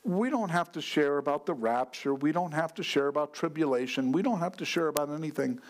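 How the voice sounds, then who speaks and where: Slow, earnest male pastor preaching. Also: on the high side. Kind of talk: sermon.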